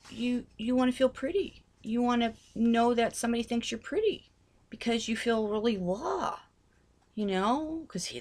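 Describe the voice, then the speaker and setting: A woman's voice: a little high, darkish tone. A middle-aged woman giving a heartfelt, earnest talk on faith, often repeating herself as she pleads with listeners. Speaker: religious vlogger.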